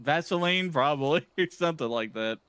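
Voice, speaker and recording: A man's voice: fairly high pitch, lively intonation, normal speed, fairly bright tone, clean tone, no echo. A man streaming a game, reacting with incredulous, laughing comments as he plays. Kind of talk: casual gaming stream commentary.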